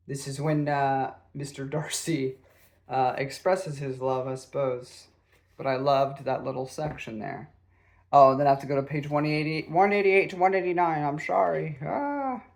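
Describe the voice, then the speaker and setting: Guy rambling about a book he read, lots of ums, kinda higher voice. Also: normal speed, gravelly. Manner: rambling, self-deprecating, frequent fillers. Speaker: book reviewer. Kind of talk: casual book review.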